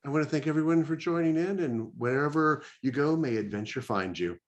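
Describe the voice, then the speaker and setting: A man's voice: fairly high pitch, animated, brisk. An American man, the dungeon master, chatting casually as he wraps up a game stream, with many fillers and restarts.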